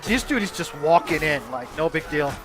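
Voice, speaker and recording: A man's voice: on the high side, normal speed, music in the background. Young man casually narrating gameplay. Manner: laid-back, swears casually, trails off and restarts. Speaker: gaming channel host. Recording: steady background noise.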